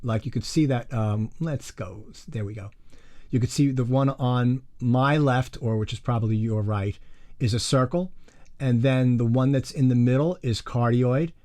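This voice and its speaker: Speaking at a moderate pace with a dark tone, this mid-range male voice belongs to an online music production teacher. He demonstrates equipment as he talks about microphones in a relaxed way, and his studio condenser mic shifts position.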